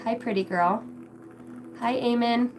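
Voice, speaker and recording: A woman's voice: on the high side, measured pace, music in the background, low-quality recording. A middle-aged woman hosting a tarot livestream, chatting casually, swearing often and jumping between chat comments. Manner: profane, scattered, reads chat aloud.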